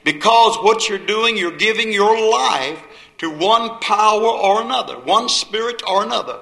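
High, bright preacher man. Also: lively intonation, measured pace, creaky. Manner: folksy storytelling, dramatic swings from shouted to hushed. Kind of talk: sermon. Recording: echoey room.

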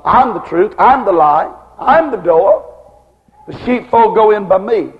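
Man, preacher, sermon, high gravelly voice, repeated rhetorical questions, long church-hall reverb, muffled sound. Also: lively intonation, a little slow.

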